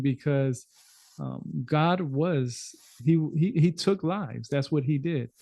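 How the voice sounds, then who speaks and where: Rambling man with a mellow voice. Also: medium pitch, unhurried, creaky, no echo. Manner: rambling, repeats words, frequent laughs. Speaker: podcast host. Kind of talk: casual podcast conversation.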